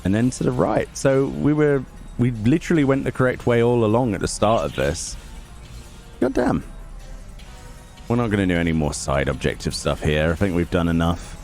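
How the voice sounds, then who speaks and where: A gaming YouTuber gives casual let's play commentary in a lowish, darkish voice, talking fairly quickly. He grumbles and gets sarcastic as he plays, with game music underneath.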